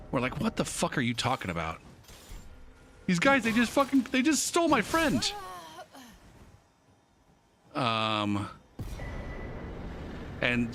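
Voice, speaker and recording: A man on a game stream spins a long story in a casual, laid-back way, swearing freely and leaning on um between thoughts. His voice is bright and forward, sitting at an ordinary pitch at a desk streaming mic. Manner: laid-back, swears constantly, lots of um fillers.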